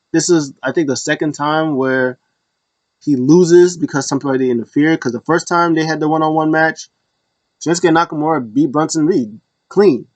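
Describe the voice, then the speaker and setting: A man's voice: on the high side, normal speed, dry recording, poor audio. A man hosting a casual solo recap, rambling with many fillers and acting out quotes in passing. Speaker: wrestling show recap host.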